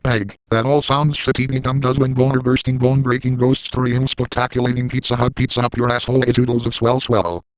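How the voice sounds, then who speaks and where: A man's voice: medium pitch, little pitch movement, fairly quick, few pauses, clear, resonant tone, no room sound, natural voice, low-quality recording. A man doing a gleeful scheming villain. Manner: boastful and gleeful. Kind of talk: first-person comic monologue.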